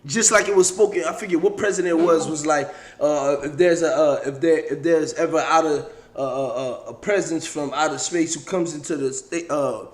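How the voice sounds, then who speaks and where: A man leading a casual scripture study, blunt and coarse, slowing down to read verses aloud. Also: on the high side. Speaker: scripture teacher.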